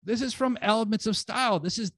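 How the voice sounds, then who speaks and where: A man's voice: high voice, quick pace, fairly bright tone, no room sound. A man giving a casual conference lecture as a language teacher, speaking bluntly with joking, slangy phrasing. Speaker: conference lecturer and English lector.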